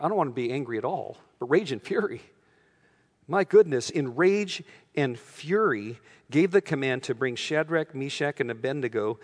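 Preaching man in an echoing hall. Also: medium pitch. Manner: earnest, conversational preaching with dramatic quoted voices. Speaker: pastor. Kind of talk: sermon.

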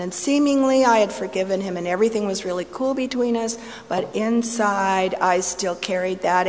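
A middle-aged woman giving a sermon-style personal testimony, storytelling with swings from playful to hushed and intense. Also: medium pitch, slight background noise. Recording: long hall reverb, faint ambience.

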